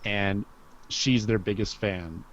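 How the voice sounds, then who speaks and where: A man's voice: fairly low pitch, slow pace, dull audio, slight background noise. A man hosting a casual gaming podcast, chatting animatedly and laughing often. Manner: animated, laughs often, quotes others in funny voices. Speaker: podcast host.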